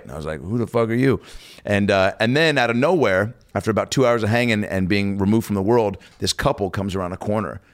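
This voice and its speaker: A young man in casual podcast chat, telling an animated story full of swearing and high-pitched quoted voices. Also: dry recording.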